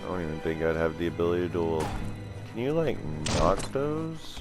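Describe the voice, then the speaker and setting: Over music, a let's-play gamer who has just woken up talks through his game in a deep, sing-song voice at a moderate pace. He's drowsy and casual, reacting to what happens and thinking out loud.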